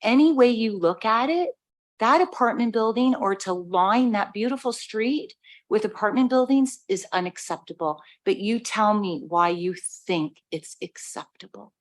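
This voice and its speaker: A woman's voice: mid-range voice, measured pace. A woman resident making a blunt, challenging comment at a public planning meeting.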